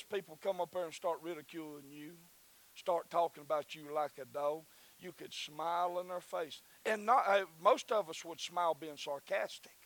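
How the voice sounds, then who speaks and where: Fervent Southern preacher, high voice. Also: male voice, fairly even intonation, moderate pace, fairly bright tone, low-quality recording. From Southern United States. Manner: folksy, repetitive, rising to fervent preaching. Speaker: pastor. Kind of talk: sermon.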